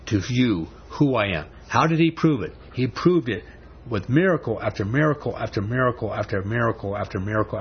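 A man's voice: mid-range voice, husky, muffled recording. A man preaching a sermon with emphatic delivery, asking rhetorical questions and pressing his points with rising emphasis.

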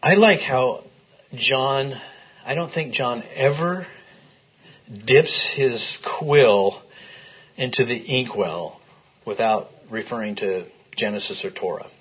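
A man with a slightly husky voice teaches scripture to a small group in a room. He reads passages aloud and keeps stopping to put questions to his listeners. The recording sounds muffled and lo-fi. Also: mid-range voice, slow. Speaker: Bible study teacher. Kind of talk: interactive Bible teaching. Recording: dull lo-fi recording.

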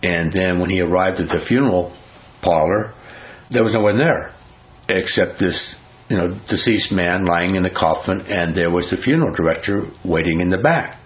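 Guy giving a chatty sermon, lowish voice, kinda muffled lo-fi recording. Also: moderate pace. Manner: conversational, rambling with fillers and restarts. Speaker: preacher.

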